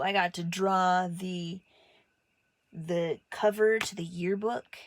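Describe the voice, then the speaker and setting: A woman casually telling stories about her childhood, acting out other people's voices with big jumps in her pitch. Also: unhurried. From Montana. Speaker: artist telling her life story. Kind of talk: casual personal storytelling.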